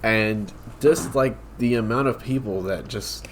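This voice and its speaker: A young man co-hosts a casual podcast chat, speaking bluntly and with emphasis. His voice is lowish and unhurried, with a little hiss or hum in the recording.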